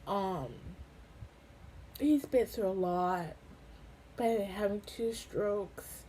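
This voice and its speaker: A young woman giving a casual personal update, halting with many ums and getting emotional. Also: mid-range voice, mellow, slight background noise, poor audio. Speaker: vlogger. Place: home in a hot desert town.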